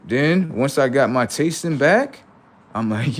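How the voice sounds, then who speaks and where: A man hosting a livestream, telling casual stories to his viewers in an animated way, swearing freely and acting out voices. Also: medium pitch, unhurried. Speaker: livestream host.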